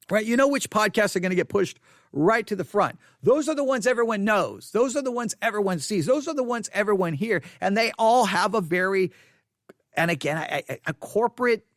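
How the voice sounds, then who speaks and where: A man hosting a solo podcast, talking off the cuff in an animated, repetitive way with many restarts. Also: sits high, no room sound, studio quality. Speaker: podcast host. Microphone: studio microphone.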